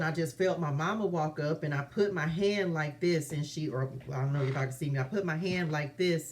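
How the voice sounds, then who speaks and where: A woman with a somewhat low voice talks straight to the camera from her apartment, running a casual spiritual vlog. She is chatty and emphatic, calls her viewers y'all and stresses her points by repeating them. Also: a little hiss or hum. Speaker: spiritual reader and vlogger.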